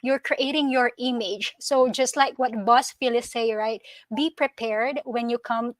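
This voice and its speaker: A woman on a video call giving earnest, measured advice as a guest of the show. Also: a little high, fairly even intonation, dry recording. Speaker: guest team member. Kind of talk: casual panel comment.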